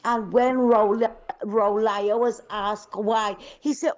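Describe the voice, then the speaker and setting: A woman's voice: a little high, slow pace, a little mellow. A woman calling in to a show, speaking emphatically and indignantly. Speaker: caller. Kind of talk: call-in political commentary.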